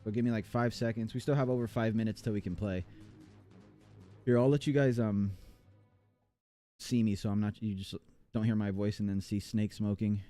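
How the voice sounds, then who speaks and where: A man's voice: on the low side, fairly even intonation, moderate pace, long pauses, dark tone, soft background music. A man from the United States chatting casually on a live game stream, rambling and reading chat aloud with many fillers.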